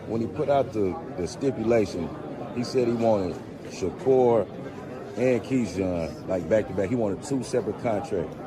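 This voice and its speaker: Male interviewer, probing, mid-pitched, crowd audible behind. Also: moderate pace. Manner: probing questions.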